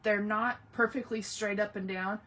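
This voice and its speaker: A woman's voice: medium pitch, fairly even intonation, normal speed, fairly bright tone, distant mic. A woman hosting a casual live craft tutorial, chatting and greeting viewers by name as she works. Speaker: craft livestream host.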